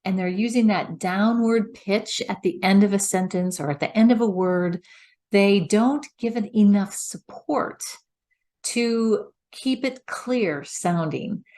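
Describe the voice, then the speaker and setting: A woman's voice: mid-range voice, takes it slowly, a little mellow. A middle-aged woman voice coach giving a patient, step-by-step instructional talk. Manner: patient, explains step by step with demonstrations.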